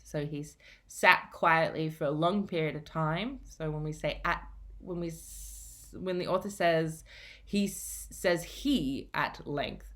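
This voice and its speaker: Female teacher, lower register, patient explainer for a recorded reading lesson. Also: a bit bright. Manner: patient, explanatory, repeats key points.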